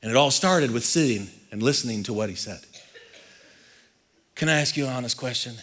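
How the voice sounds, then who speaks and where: A male pastor preaching a sermon in an animated, conversational way, swinging from loud to quiet. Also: medium pitch, fairly quick.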